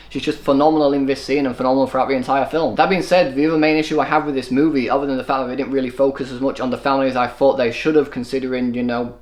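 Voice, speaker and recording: A man giving an opinionated solo film review, running his thoughts together without pause. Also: on the high side. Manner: opinionated, quick run-on delivery. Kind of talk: solo movie review commentary.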